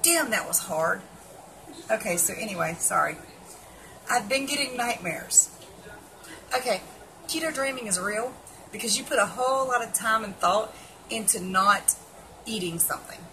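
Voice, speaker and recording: A woman's voice: mid-range voice, animated, moderate pace, long pauses, background noise. A woman giving casual, blunt and sarcastic commentary on an article, swearing freely as she reacts. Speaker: keto vlogger.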